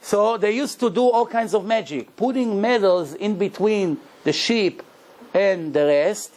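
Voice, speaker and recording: High-voiced rabbi telling stories. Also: male voice. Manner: animated storytelling with non-native English grammar. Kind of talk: Torah lecture.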